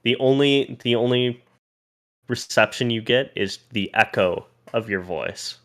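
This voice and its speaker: A man narrating a tabletop role-playing game as game master, pausing and restarting as he describes each scene. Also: medium pitch, a bit bright.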